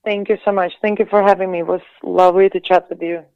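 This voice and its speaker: A woman from Latvia, a singer and actress, talking casually as an interview guest in quick bursts full of restarts and fillers. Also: fairly low pitch, flat delivery, clear, resonant tone. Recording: dull, dry lo-fi audio.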